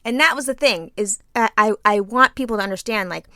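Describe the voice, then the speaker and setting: A woman co-hosting a podcast, telling an animated, laughing story in casual chat and swearing freely. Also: mid-range voice, a little fast, no room sound, clean studio sound. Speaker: podcast co-host.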